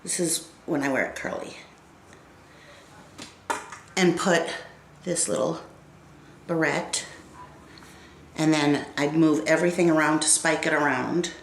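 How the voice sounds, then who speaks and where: A woman's voice: deep voice, vocal fry, echoey room, a little hiss or hum, low-quality recording. Congested woman in her fifties vlogging. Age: 50s. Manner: chatty and unhurried, talking to viewers while styling hair. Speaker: beauty vlogger. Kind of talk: casual get-ready-with-me hair tutorial.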